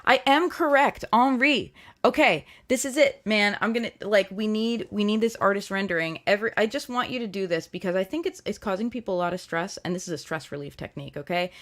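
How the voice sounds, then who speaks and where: A woman's voice: medium pitch, fairly quick, a bit bright. A young woman hosting a casual livestream tarot reading, chatty and playful, rambling with fillers and restarts.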